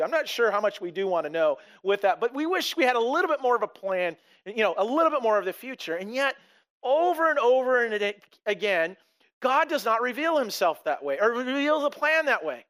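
A middle-aged male pastor delivering a sermon in a high, light voice. He talks to the congregation as if chatting, acting out little quotes along the way and restarting his sentences as he goes. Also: fairly bright tone. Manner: conversational, with frequent restarts and acted-out quotes.

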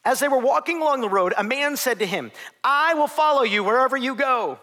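A man in his thirties from Ohio, preaching a sermon as a youth pastor, acting out voices with big swings from soft to loud. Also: very high-pitched, animated, a little fast.

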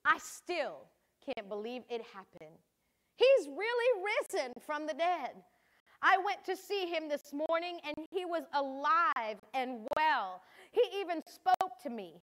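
A high, heartfelt voice of a devoted mother pouring out her diary, as an older woman reads her part, earnest and full of feeling. The voice rises high and carries emotional weight. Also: big pitch swings, slow, a bit bright, full character voice. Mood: joyful. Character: grieving then joyful mother of a holy son.

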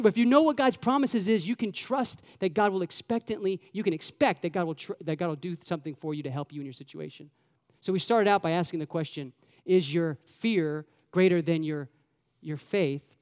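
A man preaches a sermon with a high, light voice. He talks in a lively, conversational way and keeps asking his listeners rhetorical questions. His voice rings out with a long reverb from a large room. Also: normal speed. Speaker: pastor.

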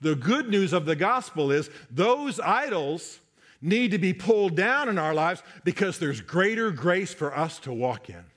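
A male pastor delivers a sermon in a fairly high voice. He is emphatic and drives his points home by repeating key phrases. His delivery stays direct and urgent. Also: sing-song, measured pace, a bit bright.

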